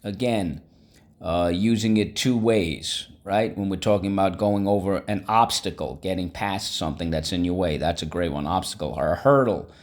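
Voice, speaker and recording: A man's voice: sits low, moderate pace. A man teaching a vocabulary lesson, upbeat and coaxing, repeating each word for students to echo.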